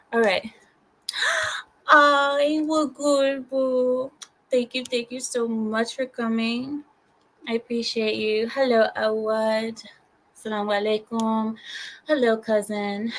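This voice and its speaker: A woman hosting a casual livestream from a guest room at home, chatting with deadpan mock-stern jokes and apologetic asides. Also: on the high side, poor audio. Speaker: livestream host.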